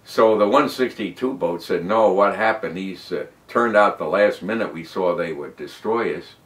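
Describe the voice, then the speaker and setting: A man's voice: normal speed, echoey room. A man in his nineties, a war veteran telling his story in an oral history interview with emphatic rises and drops. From United States. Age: 90s. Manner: animated, emphatic storyteller who rises and drops in pitch and loudness. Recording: voice from a distance off the mic.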